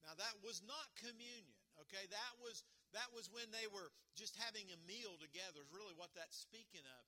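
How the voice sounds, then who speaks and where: Guy preaching a sermon, bright sharp voice, chatty, lots of "right?" and "what?" questions. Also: high-pitched, a little fast. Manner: conversational preaching with rhetorical questions and acted-out quotes.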